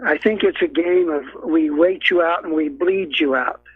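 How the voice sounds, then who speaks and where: A man phoning in to a talk radio show, stumbling through his points with lots of fillers and restarts. His voice is husky and a bit high, coming through a thin, tinny phone line. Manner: halting, with many fillers and restarts. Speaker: caller.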